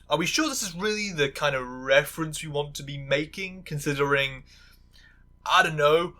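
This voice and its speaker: A woman's voice: low-pitched, a bit bright. A woman giving sarcastic video essay commentary, full of stammering restarts and angry asides.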